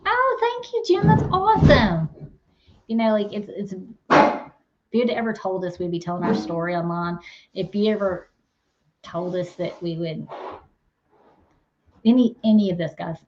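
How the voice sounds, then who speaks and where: A woman's voice: on the low side, fairly even intonation, moderate pace, pauses often, a little mellow, dull audio, a little hiss or hum. A woman hosting her farm channel, chatting casually with viewers in a rambling, teasing way. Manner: chatty, rambling, laughs and teases. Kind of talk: casual live chat with viewers.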